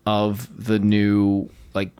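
A young man co-hosting a casual chat, playful and teasing, quick to laugh. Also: lowish voice, monotone, warm tone, smooth, no echo. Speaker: podcast co-host.

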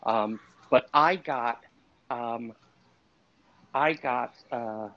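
A man's voice: medium pitch, extremely slow, highs cut off. A man co-hosting a casual podcast, rambling and self-deprecating, often breaking into laughter. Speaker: podcast co-host.

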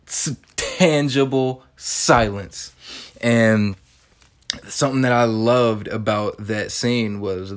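A man in his twenties recaps a movie in a casual, animated monologue, swearing freely and tossing in joking asides. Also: medium pitch. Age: 20s. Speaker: film reviewer.

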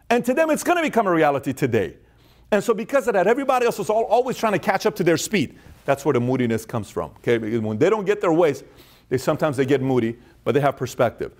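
A man's voice: a little high, a little mellow. A man giving a motivational business talk, emphatic, acting out quoted inner voices. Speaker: host.

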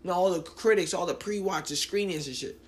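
A man's voice: high-pitched, normal speed, a little hiss or hum. A man in his late twenties hosting his own podcast, ranting casually, profane and rambling with lots of restarts. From New Jersey. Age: 20s. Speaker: podcast host. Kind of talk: casual solo podcast rant.

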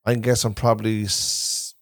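Chatting casually in a caravan, an Irish Traveller podcast host wanders through family stories, often repeating himself. He speaks at a normal pace in a fairly low, gravelly voice with flat delivery, and the studio-quality recording has no room sound.

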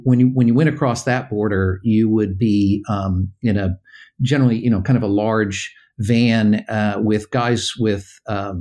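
An older man from the United States, a guest in a casual interview, telling a story in a halting, animated way and acting out the dialogue. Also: on the low side.

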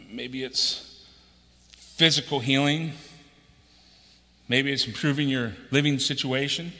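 A man's voice: medium pitch, sharp tone. A man in his sixties, an executive pastor preaching a conversational sermon and acting out quotes with a raised voice. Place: church auditorium. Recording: long hall reverb.

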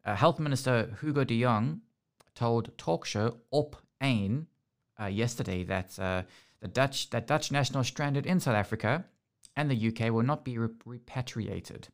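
A man's voice: mid-range voice, normal speed, vocal fry. A man hosting a casual podcast, ranting sarcastically and often restarting his sentences. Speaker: podcast host.

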